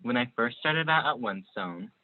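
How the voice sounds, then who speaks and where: A man's voice: mid-range voice, expressive, normal speed. A young man, a student, giving a nervous, choked-up tribute to a friend on a video call. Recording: tinny video call audio.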